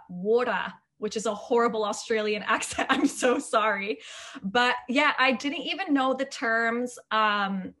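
A woman from Canada, a speech-language pathologist guest in a casual podcast interview, upbeat and animated and laughing as she explains. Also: fairly high pitch.

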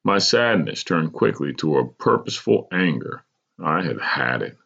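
Male podcast host reading a memoir, measured and deliberate, low gravelly voice. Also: big pitch swings, bright, forceful tone, muffled recording. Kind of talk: reading a personal memoir aloud.

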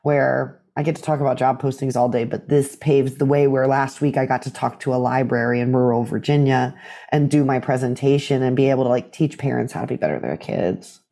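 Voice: medium pitch, a little fast, vocal fry. A guest in a casual interview, telling stories animatedly and acting out the voices of others. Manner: animated storyteller who acts out quoted voices.

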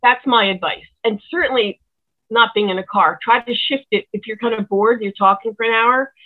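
A woman's voice: a little high, normal speed. A woman musician giving rambling, earnest advice in casual chat, heard over a tinny phone-like line. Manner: rambling, earnest, many restarts. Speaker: musician guest.

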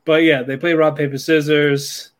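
Casual man with a slightly high voice. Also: little pitch movement, moderate pace. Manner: rambling retelling with fillers and quoted lines. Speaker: podcast co-host. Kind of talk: casual podcast chat.

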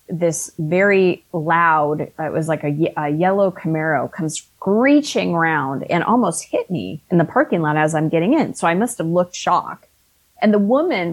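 A woman in her fifties speaks in a slightly low voice. She is an author and coach, earnest and conversational, often restarting her sentences mid-thought. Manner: earnest, frequent restarts and self-corrections. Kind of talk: conversational storytelling.

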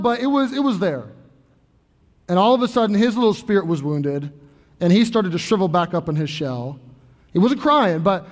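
A man in his thirties preaches from the pulpit with a notably high voice. He talks earnestly and conversationally, stumbling and restarting phrases. A long reverb trails behind him in the church. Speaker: pastor. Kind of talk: sermon. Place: church sanctuary.

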